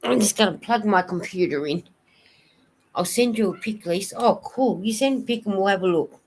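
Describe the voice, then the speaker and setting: A woman's voice: medium pitch, moderate pace, darkish tone. A woman hosting a casual livestream, chatting and answering viewer comments. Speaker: knitting vlogger hosting a livestream.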